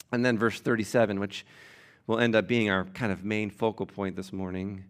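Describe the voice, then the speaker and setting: A pastor preaching an animated, emphatic sermon, teaching from scripture and speaking directly to his congregation. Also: fairly low pitch, moderate pace, smooth.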